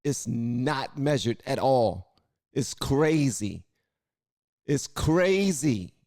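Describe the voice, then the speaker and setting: A man's voice: mid-range voice, animated, very slow, a little mellow, no echo, studio quality. Loose-talking man reacting to a clip. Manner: loose, colloquial, repeats himself. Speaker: reaction video host. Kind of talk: casual reaction commentary.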